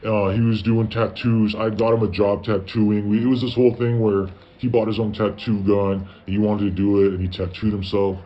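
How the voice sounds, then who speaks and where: Profane, low-voiced storyteller man. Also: flat delivery, moderate pace, few pauses. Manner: profane, tells stories with lots of "I was like" quoting. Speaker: guest telling his story. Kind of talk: casual storytelling. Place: parents' garage. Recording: dull lo-fi audio with faint background noise.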